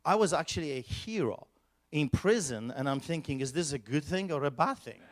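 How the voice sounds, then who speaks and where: A pastor telling a personal story at a conference, animated and emphatic, with sudden loud bursts. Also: male voice, fairly high pitch, brisk.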